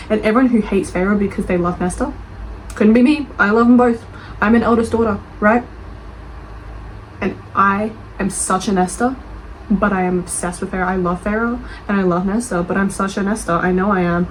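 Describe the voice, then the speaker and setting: An animated Australian woman in casual chat, her voice sitting at an ordinary middle pitch. She reacts quickly and defensively and swears without hesitation. A faint hiss sits under the voice. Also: poor audio. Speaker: book reviewer and author. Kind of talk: casual chat reading reviews aloud.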